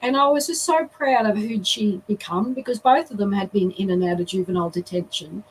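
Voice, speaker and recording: A woman's voice: medium pitch, fairly quick, slight background noise. Woman telling a story, distant mic. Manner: lively, animated storyteller. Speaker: guest. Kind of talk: storytelling in an interview.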